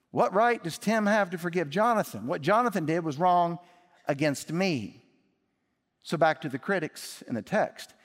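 A male pastor preaching in a church, his voice pitched a little above most men's. He talks emphatically, pushing lines up and then dropping them low. A long reverb trails behind him from the large sanctuary. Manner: emphatic, rising and dropping for effect. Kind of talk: sermon.

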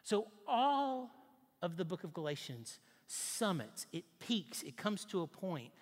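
A man's voice: high voice, very animated, unhurried, big-room sound. A man preaching a sermon, emphatic, posing rhetorical questions to the congregation and repeating his key points.

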